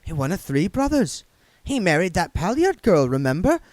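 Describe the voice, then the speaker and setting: A man's voice: high voice, big pitch swings, moderate pace, darkish tone, dry recording, voice pushed up. A gossipy, earthy old village witch woman, as a man puts her on in a storybook reading. She talks in a raised, homely voice, with a dry, close sound. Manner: chatty, earthy.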